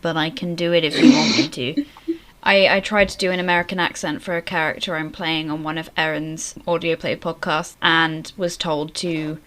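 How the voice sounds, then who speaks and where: A wry woman chatting on a podcast who laughs now and then. Her voice sits on the low side. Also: fairly even intonation, normal speed, fairly bright tone. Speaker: podcast co-host. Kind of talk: casual chat.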